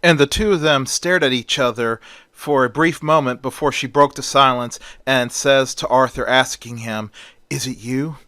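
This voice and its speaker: A man's voice: medium pitch, moderate pace, bright, forceful tone, smooth, no echo, studio quality. A man retelling a story in a plain casual way, with small slips and fillers.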